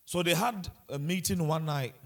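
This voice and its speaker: A man's voice: on the high side, normal speed, vocal fry, fairly bright tone. A man preaching a sermon with passion, repeating himself and asking the congregation rhetorical questions. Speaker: pastor.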